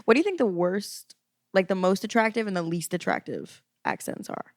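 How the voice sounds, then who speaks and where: A woman chatting playfully as a podcast guest, expressive and quick to laugh. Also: mid-range voice, no room sound, clean studio sound. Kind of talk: casual chat.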